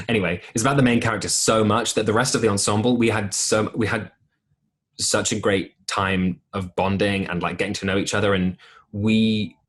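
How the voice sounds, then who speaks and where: Low-voiced young man, rambling chat. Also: fairly even intonation, moderate pace, fairly bright tone. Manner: rambling, self-interrupting, many restarts. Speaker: podcast guest, musical theatre actor. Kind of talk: casual chat.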